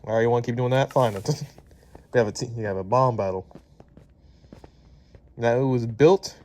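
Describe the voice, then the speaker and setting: A man's voice: mid-range voice, normal speed, darkish tone. A young man from Maryland with a Baltimore accent, chatting casually through a video while getting sidetracked and laughing at his own slips. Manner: chatty, distracted, laughing at himself. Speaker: vlogger. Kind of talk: casual commentary over gameplay.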